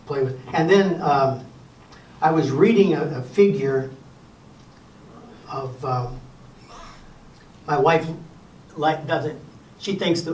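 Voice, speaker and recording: An older man presenting a Sabbath school lesson in a relaxed lecture style, folksy and wry with gentle humor. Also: medium pitch, recorded from a distance, slight background noise. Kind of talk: casual lecture to a class. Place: church classroom. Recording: echoey room recorded from afar.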